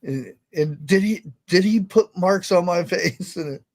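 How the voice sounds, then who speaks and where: A man's voice: sits high, measured pace. A man in a casual chat, amused as he retells funny videos.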